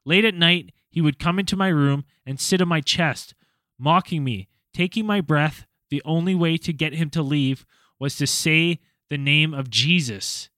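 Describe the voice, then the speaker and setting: A young man hosts a podcast and reads a listener's story with dramatic storytelling flair, then chats casually and swears freely. His voice sits a little high and sounds sharp and forceful. The recording is close and dry. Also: measured pace, no echo. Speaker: podcast host.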